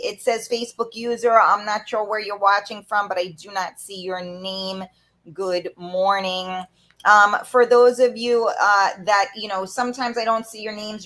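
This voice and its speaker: A woman's voice: medium pitch, fairly bright tone. A woman hosting a live talk stream, chatting playfully and bluntly and greeting viewers by name, with casual swearing. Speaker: talk show host.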